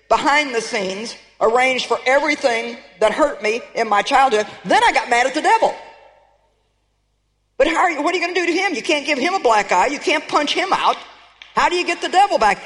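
A woman preaching a sermon, emphatic and storytelling, calling out to her listeners and rising to shouts. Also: a little high, in a large hall, slight background noise. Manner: emphatic, calls out to the congregation.

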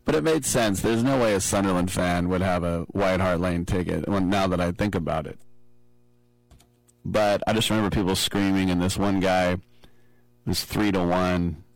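A man casually telling a lively personal story on a podcast, acting out the quotes. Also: deep voice, moderate pace, dry recording, rough recording. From from abroad, flew in to see matches. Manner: animated anecdote-telling with acted-out quotes.

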